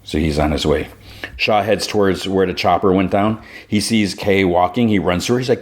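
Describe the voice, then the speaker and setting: A man with a very low voice retells a show's episode on his podcast. He talks loosely and casually, leaning on "like" as he goes. The tone is easygoing recap chat. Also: moderate pace. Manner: loose storytelling with many "like" fillers. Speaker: podcast host.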